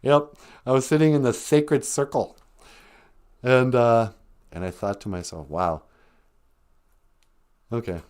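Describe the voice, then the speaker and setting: A man's voice: mid-range voice, takes it slowly, long pauses, darkish tone, smooth. A man, a comedian, telling a personal story on a live stream in a chatty way, laughing often, quoting people and getting choked up. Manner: quotes people in short voiced bits.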